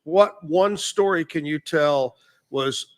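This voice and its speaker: Chatty higher-voiced male radio host. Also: slow. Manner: chatty, laughs often, reads off music history notes. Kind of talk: casual on-air chat.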